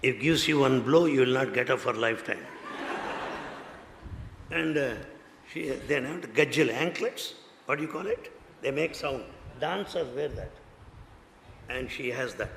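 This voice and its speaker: An older man with an Indian English accent telling devotional stories in a lively way, acting out what people said. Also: medium pitch, unhurried, gravelly, long pauses. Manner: animated storyteller, acts out quotes, laughs often. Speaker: spiritual speaker. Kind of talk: devotional talk with anecdotes. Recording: echoey hall, faint background noise.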